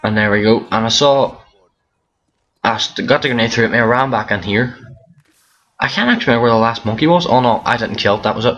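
A man's voice: medium pitch, fast talker, long pauses, a bit bright. A tired young man giving rambling casual commentary over a zombie game, often restarting his sentences. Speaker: gaming commentator. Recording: dull lo-fi mic with faint hiss.

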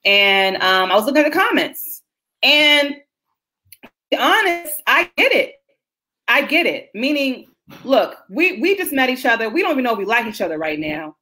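A woman's voice: sits high, very animated, moderate pace, sharp tone. A woman hosting a casual livestream chat over a video call, chatty and explaining as she tells stories. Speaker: host.

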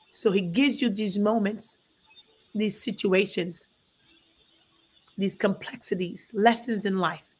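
A woman's voice: mid-range voice, breathy edge. A middle-aged woman pastor preaching at a Bible study in a folksy, emphatic way, often calling listeners honey.

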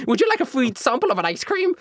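A man voicing an excitable, pushy little male ice cream seller who speaks in broken English. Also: brisk, no room sound, clean studio sound, exaggerated voice. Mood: nervous. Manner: broken-English sales pitch, eager and jittery.

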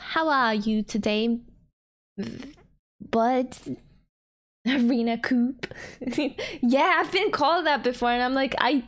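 A young adult woman streaming a game in casual commentary, playful, giggly and self-mocking. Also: high voice. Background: faint game music.

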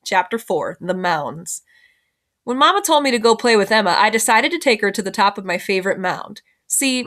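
A woman's voice: mid-range voice, fairly bright tone. A woman teacher reading a first-person novel aloud in plain storytelling, sometimes correcting herself.

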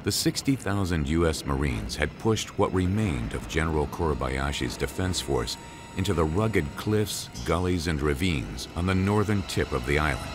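A man narrates a history documentary in an extremely deep, low voice. His delivery is measured and solemn, and music plays clearly underneath him. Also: lively intonation. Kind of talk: scripted narration.

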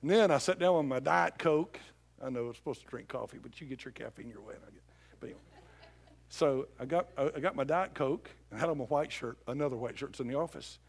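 A middle-aged male pastor preaching a sermon with passion, swinging from loud appeals to hushed pleading. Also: mid-range voice, quick pace, gravelly.

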